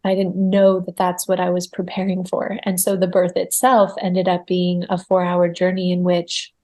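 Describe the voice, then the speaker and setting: A woman guest telling her spiritual birth story in a podcast interview. She speaks earnestly and reflectively, and grows animated when she relives her fear. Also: mid-range voice. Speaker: guest medium.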